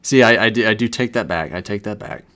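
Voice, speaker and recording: A man co-hosting a stream, easygoing in casual banter and quick to laugh and agree. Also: fairly low pitch, fairly bright tone.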